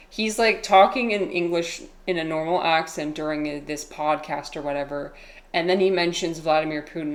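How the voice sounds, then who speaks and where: A woman live-streaming a game, chatting casually with viewers, reading their comments aloud, often giggling and joking at her own expense. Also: on the low side. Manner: chatty, giggly, self-deprecating, reads chat aloud. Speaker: livestreamer playing a game.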